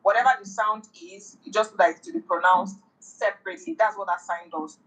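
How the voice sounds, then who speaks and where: A woman's voice: mid-range voice, brisk, fairly bright tone, poor audio. Woman, French tutor, patient, repeats herself, casual lesson. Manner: patient, repeats and rephrases explanations.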